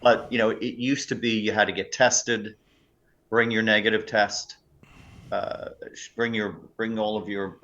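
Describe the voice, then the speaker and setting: A male comedian guest on a casual talk show, rambling loosely with plenty of fillers. His voice sits on the low side. The recording sounds dull and lo-fi. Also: little pitch movement, unhurried, fairly bright tone.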